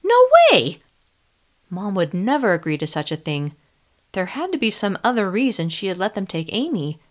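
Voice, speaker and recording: A woman narrating a first-person audiobook in an expressive, tense storytelling manner. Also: mid-range voice, a little fast.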